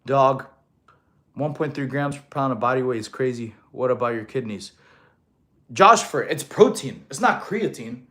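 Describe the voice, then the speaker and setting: This expressive man speaks at a moderate pace in a mid-range voice with a fairly bright tone. In his thirties and from Russia, he coaches fitness on a casual livestream, going through viewer comments a little out of breath after working out.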